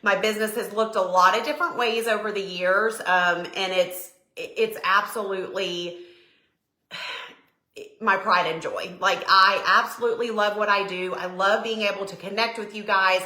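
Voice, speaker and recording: A middle-aged woman from Tennessee with a Southern accent, chatting casually and warmly greeting viewers by name on her live stream. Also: medium pitch, moderate pace. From Tennessee, USA. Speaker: decor business owner hosting a live stream. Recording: echoey room.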